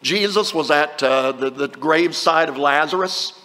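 High, bright-voiced male preacher in a hall. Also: normal speed. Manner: conversational, with scripture readings and restarts. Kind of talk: sermon.

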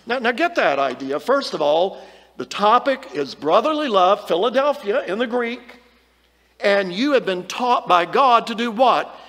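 A man's voice: high voice, big pitch swings, measured pace, fairly bright tone, in a large hall. A man giving a Bible lesson sermon in an earnest, emphatic way, stressing the words he reads from scripture. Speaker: preacher.

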